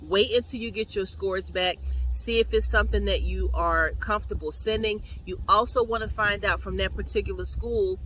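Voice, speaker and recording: A woman's voice: mid-range voice, steady tone, moderate pace, a bit bright, slight background noise. A woman who works as a school college counselor, giving advice in a direct, chatty, coaching way. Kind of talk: advice vlog.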